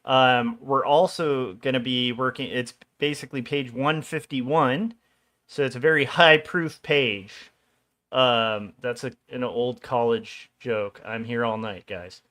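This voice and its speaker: Streaming as he draws, this illustrator in his forties keeps up loose, meandering talk with little jokes mixed in. He speaks slowly in a steady, mid-range voice with a bit of brightness.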